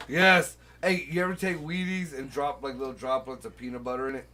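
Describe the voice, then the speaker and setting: A man hosting a crude casual chat who talks loud and profane and often bursts into shouting. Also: medium pitch, fairly even intonation, a little fast, distant mic. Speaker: host.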